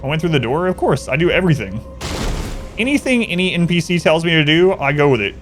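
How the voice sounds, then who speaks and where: Guy streaming a game and rambling to chat, kinda high voice, soft music under it. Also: animated, fast talker. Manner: rambling storyteller, reacts to chat. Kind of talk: casual gaming stream chat.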